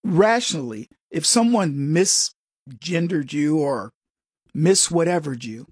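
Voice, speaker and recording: A man's voice: a little high, expressive, takes it slowly, husky, no room sound, clean studio sound. A man hosting an opinion commentary, talking straight to viewers in an emphatic way and often repeating words. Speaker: commentary host.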